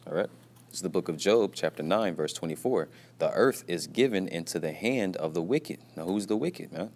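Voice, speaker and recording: Speaking in a low-pitched, expressive voice at normal speed, this man gives an informal scripture lesson while at work. He's repetitive, sprinkles in "man" and "you see," and keeps quiet at times since he's on the job.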